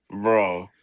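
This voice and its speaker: A man on a casual talk show reacting with drawn-out slangy remarks like "bro" and "bruh". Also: on the low side, fairly bright tone, dry recording. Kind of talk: casual podcast chat.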